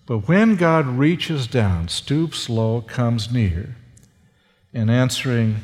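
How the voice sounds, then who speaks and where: Slow-speaking man preaching in a reverberant hall. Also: mid-range voice, darkish tone. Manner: slow and halting, with many fillers and restarts. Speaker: seminary professor and preacher. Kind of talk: sermon testimony with slides.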